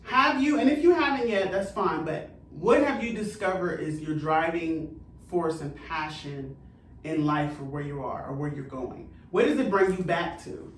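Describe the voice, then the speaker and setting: A woman's voice: deep voice, normal speed. Affirming woman host guiding a heartfelt interview, recorded off-mic in an echoey room. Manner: encouraging, affirming, asks long reflective questions. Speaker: podcast host and coach. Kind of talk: interview conversation. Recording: roomy echo, distant mic, faint noise.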